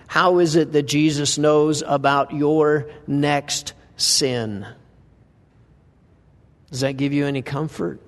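In a church sanctuary, a man with a somewhat high voice preaches a conversational sermon, reading scripture and often posing rhetorical questions to listeners. He speaks slowly with fairly even intonation, and the hall sound is reverberant.

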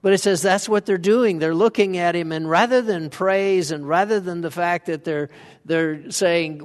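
Male pastor, slightly higher-pitched voice, chatty sermon delivery, long church reverb. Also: normal speed. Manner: conversational, asks the congregation questions. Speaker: preacher. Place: church sanctuary.

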